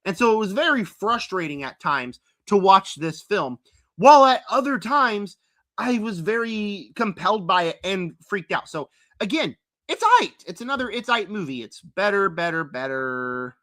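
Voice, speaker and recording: Here a young man's expressive, fairly bright voice sits high and moves at a moderate pace. Reviewing movies on a live stream, he rambles through a casual tier list with many fillers and does mocking impressions of characters using put-on quotes.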